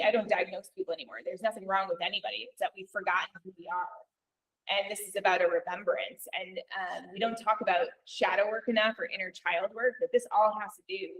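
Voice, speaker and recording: A woman's voice: medium pitch, poor audio. A woman therapist speaking on a panel in a loose, conversational way, full of "like". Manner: loose, with many fillers of "like". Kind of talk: conversational talk.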